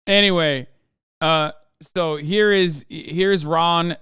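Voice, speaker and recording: A male streamer riffing on the news in a high, smooth voice that rings clear. He is sardonic, profane and mocking, and the sound is dry and close with no room echo. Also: moderate pace. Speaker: streamer host. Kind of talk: casual political reaction commentary.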